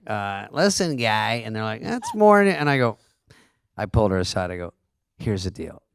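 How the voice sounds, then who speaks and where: A man co-hosting a podcast, telling jokey stories and acting out what people said. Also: medium pitch. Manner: jokey, lively, acts out quotes. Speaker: podcast co-host. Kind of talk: casual storytelling.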